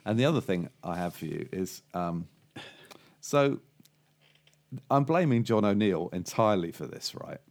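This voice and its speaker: This podcast co-host has a low-sitting voice, very animated yet a little slow. In casual chat he tells rambling jokes full of fillers and restarts, and laughs at them himself.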